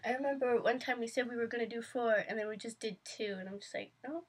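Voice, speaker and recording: A young woman co-hosting a podcast, giggly and low-key as she chats casually. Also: fairly even intonation, quick pace, breathy edge. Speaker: podcast co-host. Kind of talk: casual chat.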